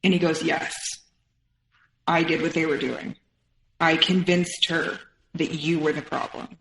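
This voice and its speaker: Low-pitched and gravelly yet fairly bright, the woman's voice barely shifts in pitch; the audio is poor and roomy. A podcast guest in her thirties, she recounts a personal story with feeling, rapidly voicing what others said.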